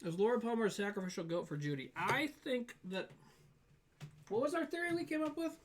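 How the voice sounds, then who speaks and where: A man's voice: very high voice, expressive, brisk. Guy rambling to his stream chat, loose and casual, trails off a lot.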